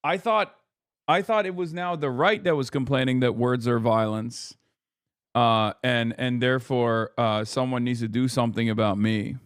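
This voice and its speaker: A man's voice: medium pitch, steady tone, normal speed, clean tone, no room sound, studio quality. A man streaming political reaction commentary, talking casually in a sarcastic, profane and mocking way.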